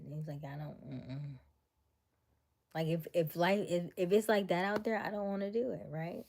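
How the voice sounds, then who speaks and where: Mellow-voiced woman retelling gossip. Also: on the low side, normal speed, vocal fry. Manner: animated, incredulous retelling. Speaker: livestream host. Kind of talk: casual storytelling to chat.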